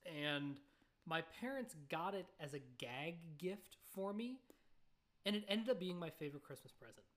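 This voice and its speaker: A young woman with a slightly low voice chats alone on her podcast. She rambles easily from one thought to the next, dropping fillers and little asides to her listeners as she goes. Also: expressive, moderate pace. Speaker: podcast host. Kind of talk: casual solo podcast chat.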